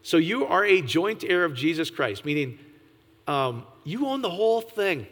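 Animated male preacher in a long reverb. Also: measured pace. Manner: animated, jumps to high excited pitch, laughs, asks the audience. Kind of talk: informal sermon.

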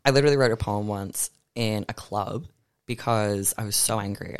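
A young man, chatting animatedly as a podcast guest, swearing freely and reading poems with slow force. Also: on the low side, creaky, no room sound. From Australia. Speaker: guest artist and poet. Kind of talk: casual podcast chat.

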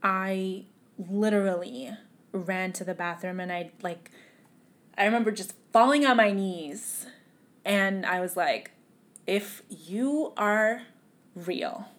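A young woman appearing as a podcast guest tells a painful personal story, tearful and halting, sometimes dropping to a whisper. Her voice is medium-pitched and animated.

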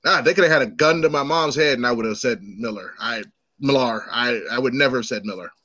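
A man co-hosting a podcast in casual chat, animated and joking, swearing freely. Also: medium pitch, quick pace, no echo, muffled recording. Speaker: podcast co-host.

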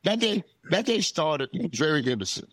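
A middle-aged man from Florida, telling stories in casual interview talk, animated, acting out dialogue and laughing often. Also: on the high side, moderate pace, no echo. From Florida, USA. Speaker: interview guest, retired football player. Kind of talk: casual storytelling.

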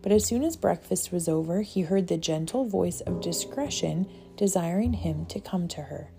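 A woman narrating a children's audiobook in a gentle, measured storytelling manner. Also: on the low side, lively intonation, gravelly, faint music behind. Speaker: audiobook reader.

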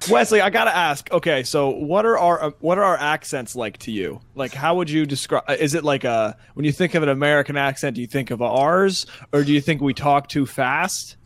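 A man's voice: on the high side, fairly quick, hardly any pauses, a bit bright. A man with a Philadelphia-area accent, co-hosting a podcast in loose, rambling casual chat. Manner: laughs easily, loose and rambling. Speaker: podcast co-host.

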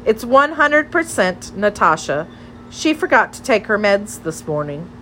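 A woman's voice: mid-range voice, big pitch swings, a little slow, a bit bright, a little hiss or hum, pitched above the performer's own voice, poor audio. A woman reading an audiobook, voicing a bubbly, teasing teenage girl who chatters playfully and pushes her shy friend.

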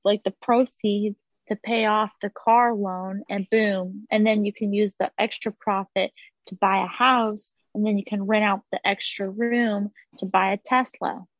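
A woman's voice: medium pitch, steady tone, unhurried, dry recording, highs cut off. Joking woman co-host, dry close sound. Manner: joking, playful banter. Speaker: podcast co-host. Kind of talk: casual chat.

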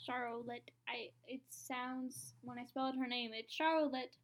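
A woman from Texas in a casual podcast chat, playful and unsure, spelling words out slowly. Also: on the high side, level tone, fairly bright tone. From Texas, USA. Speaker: podcast co-host spelling in the bee.

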